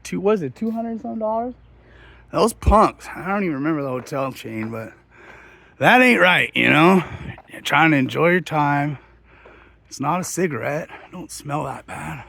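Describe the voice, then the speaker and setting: Gravelly, slangy storyteller man. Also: mid-range voice, pushed and bright. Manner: loose, slangy, rambling. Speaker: hotel host telling a Bible story. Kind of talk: casual storytelling.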